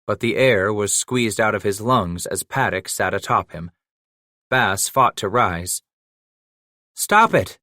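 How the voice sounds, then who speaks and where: A man's voice: lowish voice, unhurried, bright, forceful tone, no echo. Man narrating, dry and close. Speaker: audiobook narrator. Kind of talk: scripted narration. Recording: dry close studio recording.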